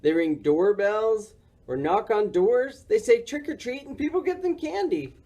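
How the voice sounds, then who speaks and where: A woman reading aloud and voicing a loud, bossy male storybook character who explains everything. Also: mid-range voice, animated, unhurried, pitched above the performer's own voice. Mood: explaining.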